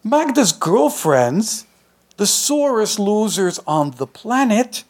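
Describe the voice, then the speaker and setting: A man's voice: high-pitched, big pitch swings, slow pace. Man reading his story, streetwise and casual. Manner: conversational, streetwise first-person delivery. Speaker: author reading his own fiction. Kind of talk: live reading of a short story.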